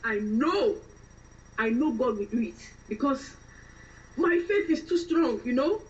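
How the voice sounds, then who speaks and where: A woman's voice: high voice, expressive, measured pace, recorded from a distance, muffled recording. A woman voicing a devout, frustrated Nigerian woman living in London, with a Nigerian accent, preaching and ranting. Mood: pious.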